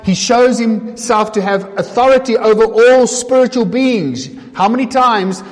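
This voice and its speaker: A man's voice: very high voice, measured pace, big-room sound. A man preaching a sermon, retelling a story dramatically, voicing the people in it and asking the listeners rhetorical questions.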